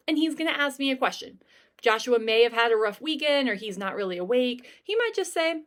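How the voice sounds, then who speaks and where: A woman's voice: fairly high pitch, expressive, fast, a bit bright. Upbeat chatty teacher woman. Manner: upbeat, chatty, with frequent ums. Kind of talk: first-day classroom talk.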